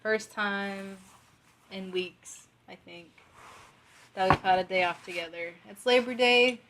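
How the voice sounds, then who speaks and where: A woman's voice: medium pitch, fairly even intonation, slow pace, heavy background noise. A woman co-hosting a podcast from home, chatting in an upbeat way. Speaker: podcast co-host. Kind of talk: casual chat.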